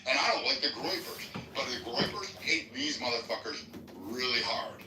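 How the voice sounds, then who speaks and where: A man's voice: medium pitch, lively intonation, normal speed, noisy background. A man in a heated voice-chat argument, ranting angrily and swearing hard. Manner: angry, profane ranting. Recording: roomy, distant sound.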